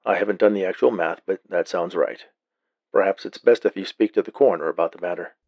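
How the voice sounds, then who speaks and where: A man voicing a calm male police officer with a flat, matter-of-fact manner. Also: low voice, fast, no room sound, muffled recording. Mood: deadpan.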